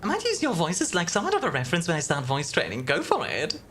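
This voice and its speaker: Deep-voiced, giggly woman streamer from Belgium. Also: huge pitch swings, fast talker, slight background noise. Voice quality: deeper voice. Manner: giggly, warm toward chat, chatty. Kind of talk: casual live-stream chat with viewers. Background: background music.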